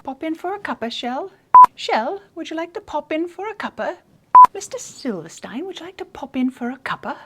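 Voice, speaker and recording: A woman's voice: high-pitched, very animated, normal speed, very noisy, pitched above the performer's own voice. A woman putting on a prim British tea-party lady, with a put-on British accent in an exaggerated, singsong genteel lilt. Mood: mock-genteel.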